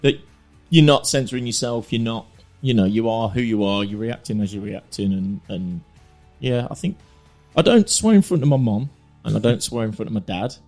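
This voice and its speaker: A man's voice: fairly low pitch, normal speed, darkish tone, faint music behind. A young man co-hosting a podcast, chatty and easily amused. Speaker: podcast co-host. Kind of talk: casual podcast chat.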